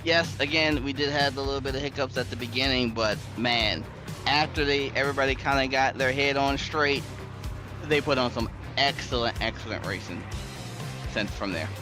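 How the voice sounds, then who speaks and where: A man's voice: medium pitch, normal speed, over music, low-quality recording. A man giving color commentary on a race, exclaiming and laughing often.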